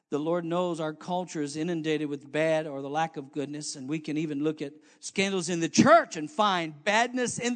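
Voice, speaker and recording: A preacher with a high-pitched man's voice delivers his sermon. He drops into soft, low asides, then climbs into loud calls to the congregation, restarting phrases and filling gaps with "uh" as he goes. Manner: swings from quiet low asides to loud rising exhortation. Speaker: pastor.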